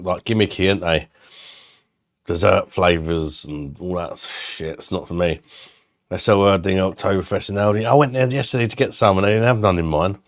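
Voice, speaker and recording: A man chats loosely on a live stream. He is blunt, swears freely and laughs often, in a very deep, low voice. The sound is close and dry. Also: no echo. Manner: blunt, sweary and laughing, reads chat aloud. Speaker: beer reviewer hosting a live stream. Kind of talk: casual live-stream chat.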